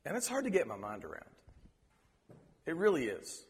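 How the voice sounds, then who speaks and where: A man preaching a sermon, earnest and halting, often repeating words as he searches for them. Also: fairly high pitch, wildly swooping pitch, long reverb tail. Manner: preacher quoting scripture in reverent tones. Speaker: pastor.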